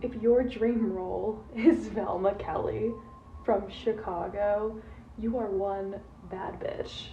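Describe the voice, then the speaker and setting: A woman's voice: medium pitch, fairly even intonation, slow pace, mellow, a little hiss or hum. A woman talking casually to camera in a teasing, blunt way. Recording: roomy, distant, dull sound.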